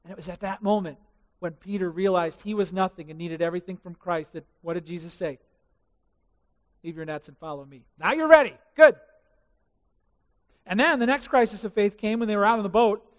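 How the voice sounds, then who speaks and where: A man preaching a sermon as pastor, telling the story in an animated way and asking the congregation questions. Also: sits high, a little fast, in a large hall.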